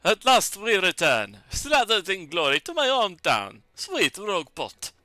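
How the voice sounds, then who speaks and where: A man's voice: high-pitched, big pitch swings, normal speed, pushed and bright, voice pushed up, full character voice. A man voicing a pompous, dramatic male sailor-merchant with a theatrical French-tinged accent, reading game dialogue. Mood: triumphant. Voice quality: theatrical, flamboyant.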